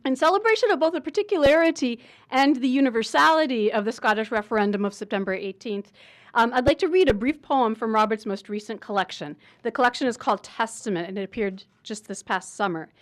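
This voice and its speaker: A woman's voice: fairly high pitch, fairly quick. A woman with a Midwestern American accent, giving a formal introduction of a guest speaker at a university lecture. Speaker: event host introducing a speaker.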